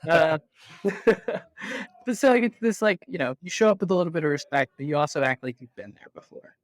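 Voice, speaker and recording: A man with a somewhat high voice talks through his points as an interview guest, animated and conversational. The recording is dry and close, with no room sound. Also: brisk, no echo.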